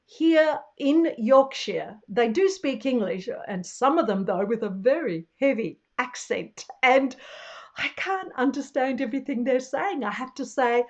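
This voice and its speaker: Slow-talking woman in her sixties. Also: sits high, muffled recording. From Australia. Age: 60s. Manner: chatty, animated, laughs often. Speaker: travel vlogger. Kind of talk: casual chat to camera.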